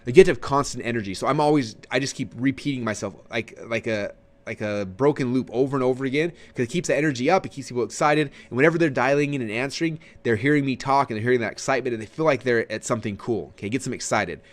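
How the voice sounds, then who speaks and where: This male marketing trainer runs an informal webinar lesson at a quick, energetic clip. Frequent fillers and restarts pepper his speech, and his voice swings high and low for emphasis.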